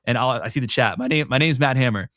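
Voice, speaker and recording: A man's voice: medium pitch, pushed and bright, no echo, studio quality. A man co-hosting a casual motocross talk show, asking pointed questions and weighing things up. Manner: curious, questioning, measured. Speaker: show co-host.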